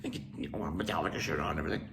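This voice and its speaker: A man's voice: rumbling low, racing, creaky, noisy background. An older man from Canada, casually telling a rambling story with restarts and asides. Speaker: musician telling a tour story.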